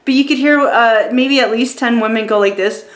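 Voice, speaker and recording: A woman in her forties tells a casual, rambling story, full of fillers and quick restarts. Her voice sits a little high. The room adds a noticeable echo. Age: 40s. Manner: chatty and rambling, many fillers and restarts, laughs at her own stories. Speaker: vlogger reviewing a show. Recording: roomy echo.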